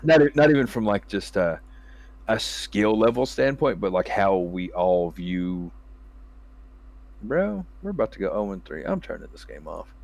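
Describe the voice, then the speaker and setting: A man's voice: on the low side, big pitch swings, moderate pace, vocal fry, a little mellow. A man hosting a casual gaming chat, laughing often, swearing freely and acting out what he would say to his teammates. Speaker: podcast host and gamer.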